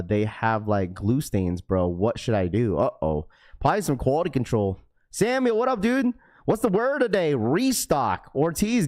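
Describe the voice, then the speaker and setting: A man's voice: medium pitch, darkish tone. Young male streamer, easygoing and upbeat, rattling off greetings to chat. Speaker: live stream host. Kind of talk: casual live stream chat.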